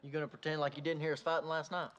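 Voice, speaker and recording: A man's voice: a little high, flat delivery, racing, a bit bright, slight background noise, lightly acted. A man playing a fretful young husband. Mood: worried. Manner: pressing, worried questions. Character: young husband anxious about wife's debt. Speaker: sitcom husband.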